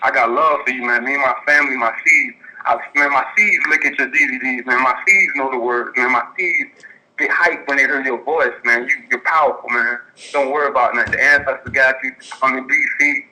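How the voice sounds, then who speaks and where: A man's voice: medium pitch, steady tone, brisk, a little hiss or hum. A man calling in by phone, talking emphatically and ending phrases with "man". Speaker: caller. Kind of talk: phone-in call. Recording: bright tinny phone line.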